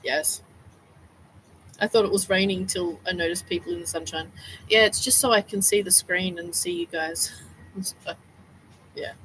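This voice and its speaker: A woman's voice: on the low side, steady tone, moderate pace, long pauses, fairly bright tone, slight background noise, rough recording. A middle-aged woman, chatting casually on a livestream, rambling and laughing often as she retells events. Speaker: livestream host.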